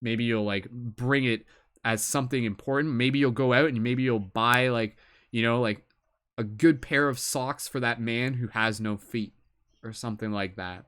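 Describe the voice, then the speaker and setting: A man's voice: mid-range voice, moderate pace, fairly bright tone, clear, resonant tone. A man giving a live tarot reading, talking in a reflective, earnest way and often filling with "like" and "you know". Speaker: tarot reader.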